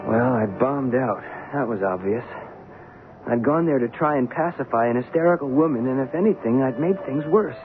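A man's voice: mid-range voice, animated, moderate pace, music in the background, natural voice. An actor playing a nervous, stammering male theater press agent who also narrates, in a 1970s radio drama. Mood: rueful narration. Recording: tinny 1970s radio broadcast, faint hiss.

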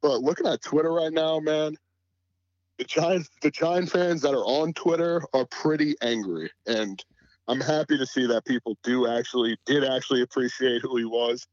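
A man's voice: medium pitch, moderate pace, a little mellow, no room sound, lo-fi sound. A man as a podcast guest in casual sports chat, laid-back and full of "you know" fillers.

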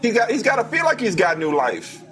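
A man hosting a sports talk show, debating with his co-host in a casual, animated way, often repeating himself as he talks. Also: high voice, a little fast, soft background music.

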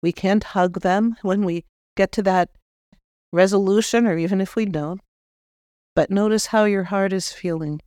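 A woman spiritual medium leads a guided spiritual talk, speaking gently and directly to the listener. Her voice is smooth and clean. The recording is dry and close. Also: mid-range voice, normal speed, no echo. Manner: gentle, addresses the listener directly with soft instructions.

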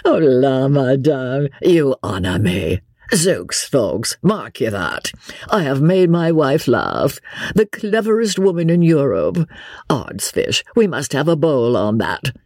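A woman voicing a lazy, foppish English nobleman who drawls good-humoured oaths in an audiobook. Her voice is gravelly and husky. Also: deep voice, wildly swooping pitch, slow, a little mellow, dry recording, clean studio sound, voice pushed up, heavily acted. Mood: jovial. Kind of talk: audiobook character reading.

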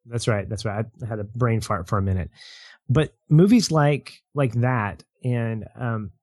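A man's voice: mid-range voice, a little slow, darkish tone, no room sound, clean studio sound. A man chatting as a guest on a film podcast, rambling with restarts and easy laughs. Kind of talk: casual film podcast chat.

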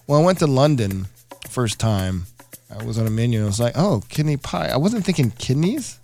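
A man's voice: mid-range voice, sing-song, fairly quick, darkish tone, soft background music. A man hosting a casual radio food chat, upbeat and joking, with many fillers. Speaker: radio show host.

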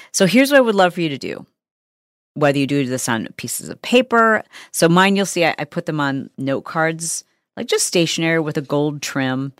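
A middle-aged woman hosting a podcast, telling a story in a chatty, animated way with lots of fillers. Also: low voice, no echo, clean studio sound. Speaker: podcast host. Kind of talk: casual podcast monologue.

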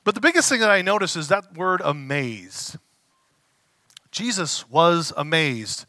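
A man preaching a conversational sermon as a pastor, casual and animated, acting out the voices he quotes. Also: a little high, unhurried, no room sound.

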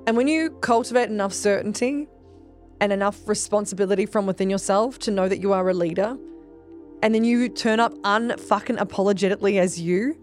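A woman hosting a podcast as a business coach, talking in a quick, emphatic, casual way, filling her talk with "like" and swearing freely. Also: medium pitch, darkish tone, faint music behind. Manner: rapid, emphatic, heavy "like" fillers, swears freely. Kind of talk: casual motivational monologue.

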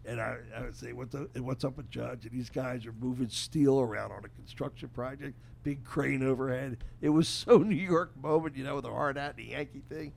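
A man's voice: medium pitch, brisk, gravelly, hardly any pauses, darkish tone. A man hosting a casual baseball talk, telling stories with emphasis. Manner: storytelling, emphatic. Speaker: host. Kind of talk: casual sports chat.

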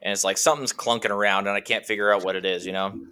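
Racing along in a smooth, lowish voice, a man from Washington state tells a long, rambling personal story as a guest. His casual conversation is animated and loaded with fillers such as "you know" and "like."

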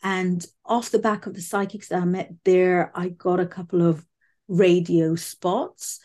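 A woman from the UK with a quirky, unusual voice, chatting loudly as a guest over a video call. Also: on the low side, level tone, unhurried. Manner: loud, chatty, laughs often. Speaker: guest psychic medium. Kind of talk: casual interview chat.

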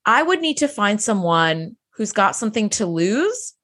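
A woman's voice: mid-range voice, big pitch swings, measured pace, a bit bright. A woman co-hosting a podcast, chatting casually as she recaps a TV episode and acts out lines in character voices. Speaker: podcast co-host.

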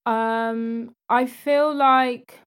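A woman's voice: a little high, steady tone, clean tone. A young woman co-hosting a fashion podcast in casual, emphatic chat. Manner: chatty, emphatic, quick back-and-forth. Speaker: podcast co-host.

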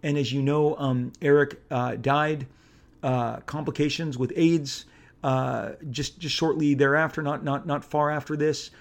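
A middle-aged Southern Californian who works as a comic book artist tells a laid-back anecdote without hurrying. His voice runs on the high side, and he's animated and rambling, often restarting and using fillers.

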